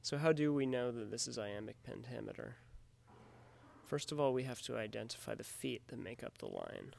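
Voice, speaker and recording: Guy with a gravelly voice, teacher going through a scripted lesson, steady and explanatory. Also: mid-range voice, slight background noise. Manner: measured, explanatory delivery.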